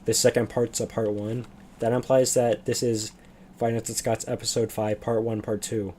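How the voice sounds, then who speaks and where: A man's voice: mid-range voice, flat delivery, normal speed, a little mellow, slight background noise. A man streaming live, rambling casually and chuckling as he comments on a game. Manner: rambling, chuckling, self-deprecating.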